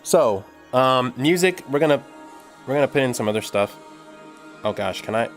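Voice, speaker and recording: Animated man rambling on a livestream. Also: mid-range voice, moderate pace, long pauses, faint music behind. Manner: rambling, thinks aloud, talks to chat. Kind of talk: casual livestream chat while coding.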